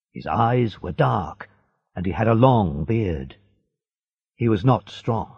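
Guy reading a storybook slow, husky voice, lo-fi sound. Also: mid-range voice. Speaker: narrator. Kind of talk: storybook narration. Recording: dull lo-fi recording.

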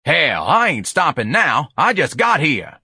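A man voicing a rowdy, brash grandmother in an audiobook, with a raspy, hollering voice and coarse slang. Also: fairly high pitch, huge pitch swings, unhurried, pushed and bright, no room sound, studio quality, pitched above the performer's own voice, full character voice. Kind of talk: audiobook character voice.

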